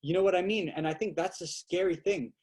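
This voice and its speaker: A young man as a podcast guest, telling stories in a lively, casual way and acting out quotes, with lots of "like" fillers. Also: high-pitched, brisk. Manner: animated, acts out quotes with fillers like "like". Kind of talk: casual storytelling chat.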